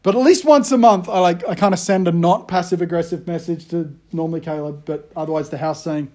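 Man, 30s, pastor, casual sermon, self-deprecating storyteller, fairly high voice. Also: a little fast, hardly any pauses, a little mellow.

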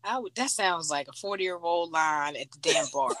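A young adult woman in casual chat, telling stories bluntly and laughing loudly. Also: fairly low pitch, lively intonation, moderate pace, a little hiss or hum.

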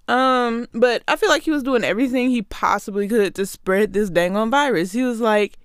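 A woman's voice: fairly high pitch, normal speed, few pauses, clean tone, no echo, studio quality. A woman hosting a show, delivering a sarcastic, exasperated comedic rant straight to her listeners. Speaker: podcast host.

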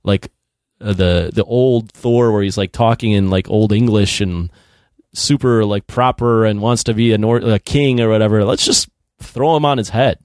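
A man's voice: on the low side, fairly even intonation, moderate pace, a little mellow, no room sound, studio quality. A man hosting a podcast, chatting casually with a guest, easygoing, retelling funny moments with quoted bits. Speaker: podcast host. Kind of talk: casual interview chat.

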